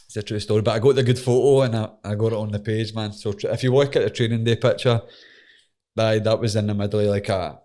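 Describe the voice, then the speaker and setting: A young man with a broad Scottish accent and a fairly low voice tells his story as a guest. He talks loosely and swears freely, laughing through the funny bits as he speaks. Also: steady tone, quick pace, a little mellow. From Scotland. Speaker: MMA fighter guest. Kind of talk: casual storytelling.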